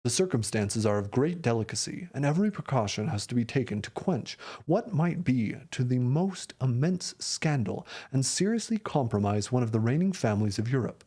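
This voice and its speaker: A man reading aloud, voicing a huge, grave foreign nobleman in a lowered, weighty voice. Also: sing-song, warm tone, husky. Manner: deep, slow and weighty, lowered voice.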